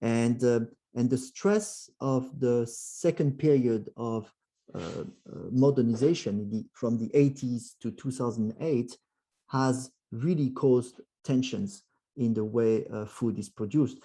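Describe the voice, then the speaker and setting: A man's voice: mid-range voice, slow pace. A man with a French accent giving a presentation to a club, often restarting and acting out quoted voices. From France. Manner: frequent fillers and restarts, animated quoted voices. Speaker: guest speaker.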